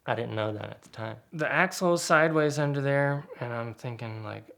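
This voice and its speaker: A man telling a casual spoken anecdote in a lively way, acting out the other people's lines. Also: fairly quick, vocal fry. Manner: lively, acts out quoted voices with sudden pitch jumps. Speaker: guest storyteller.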